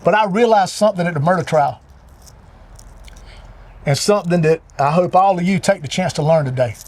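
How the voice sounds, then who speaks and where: A man's voice: sits high, brisk, a little mellow. A middle-aged man telling an earnest, preacher-like parable as a motivational talk. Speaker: show regular giving a motivational talk.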